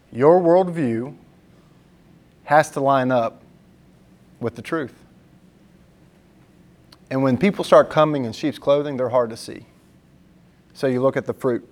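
A male pastor preaching a sermon in an earnest, emphatic, conversational way, mixing scripture with personal stories. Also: medium pitch.

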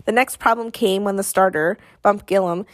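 A woman reads a novel aloud in an expressive storytelling manner, acting out the characters as she goes. Her voice sits at a middle pitch, recorded close and dry. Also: normal speed, dry recording. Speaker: audiobook narrator. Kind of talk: scripted narration.

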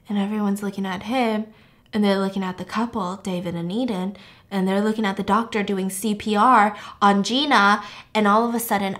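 A woman podcast host retelling a film plot in a chatty, animated way, moving between hushed and loud. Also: mid-range voice, brisk. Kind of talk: casual storytelling of a film plot.

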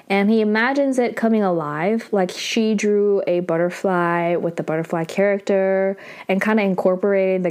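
A young woman talks through a drama episode on her podcast, animated and full of 'like' and 'um'. Her pitch sits in the middle for a woman. She jumps up in excitement at the surprises. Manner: animated, filler-heavy, many 'like's. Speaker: podcast host. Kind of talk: casual episode recap.

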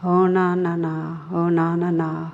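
A woman voicing a lonely male hunter from a folk tale, with soft crooning murmurs. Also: lowish voice, little pitch movement, unhurried. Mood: soothing. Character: lonely male hunter, frightened then tender. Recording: dull recording with a long hall echo.

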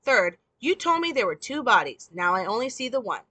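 A woman's voice: mid-range voice, lively intonation, moderate pace, bright, forceful tone, no echo. A woman reading as Ray, a sarcastic detective. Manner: dry, mocking, read from a script. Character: sarcastic hard-bitten male police detective.

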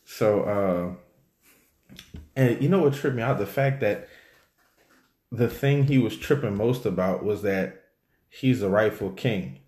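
Low-voiced joking man in echoey room. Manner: animated, joking, slangy, drawn-out fillers. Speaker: podcast co-host. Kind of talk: casual chat. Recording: roomy echo.

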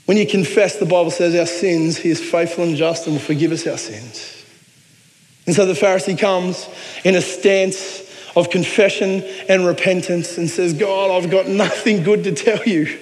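A man's voice: sits high, steady tone, normal speed, in a large hall. A man with an Australian accent preaching a sermon, earnest and conversational with joking asides. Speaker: pastor.

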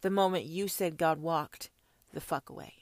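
A woman hosting a profane, confrontational monologue, preaching hard at her listeners and swinging between shouts and hushed whispers. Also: sits low, fairly even intonation, moderate pace, no echo, clean studio sound. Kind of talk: ranting monologue.

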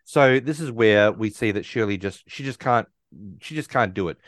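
A man's voice: fairly low pitch, expressive, normal speed, fairly bright tone, no echo. A man in casual conversation, retelling a film's scenes and acting out characters' lines. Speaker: film podcast co-host. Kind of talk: casual film discussion.

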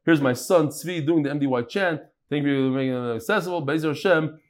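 Male rabbi running a class for a live room, slightly high voice, animated and joking. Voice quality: animated, jokey, quick shifts in pitch. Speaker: rabbi leading a daily Talmud class. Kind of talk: lively class talk, reading out messages.

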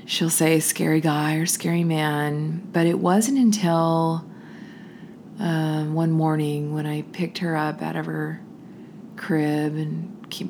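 A woman hosting a podcast, telling a personal story and dropping into a hushed, whispery voice at the tense parts. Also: deep voice, vocal fry, slight background noise.

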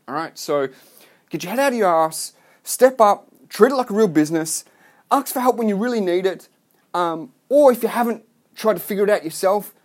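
A man's voice: high voice, darkish tone. A man delivering a blunt, profane, rambling rant to his online business followers. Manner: rambling with restarts. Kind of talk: ranting vlog monologue.

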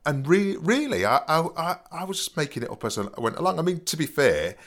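A man's voice: on the high side, big pitch swings, a little fast, a bit bright. A man telling a rambling story in casual chat, full of stammering restarts and "you know what I mean". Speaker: podcast co-host.

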